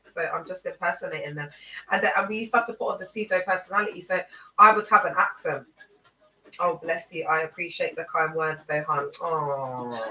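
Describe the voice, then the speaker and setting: Brief: woman livestreamer, rambling casual chat, crisp bright tone, set back from a laptop mic. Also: lowish voice, recorded from a distance. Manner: rambling, chatty, answers viewers' comments by name. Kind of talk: casual live-stream chat. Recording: echoey room, voice away from the mic.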